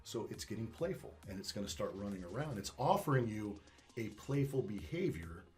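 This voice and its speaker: A man who trains dogs, explaining them in a casual interview and acting out owners and dogs in lively, salty asides. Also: lowish voice, a little fast, faint music behind. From Northwest Arkansas. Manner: animated storytelling, acts out dog and owner with swearing. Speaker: dog trainer.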